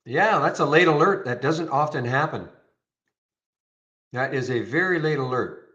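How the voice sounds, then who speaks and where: A man leads a live trading room with casual stream commentary, thinking out loud and repeatedly restarting what he's saying. His voice, a little high, sounds pushed and bright, animated at a normal speed. The recording is a slightly dull lo-fi.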